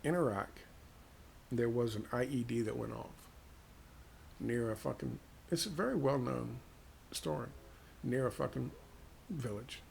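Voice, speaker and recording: A man with an American accent giving a heated, profane political monologue, firing off rhetorical questions and dropping to hushed tones. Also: mid-range voice, measured pace, creaky, long pauses, a little hiss or hum. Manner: ranting, drops to hushed tones. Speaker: political commentator.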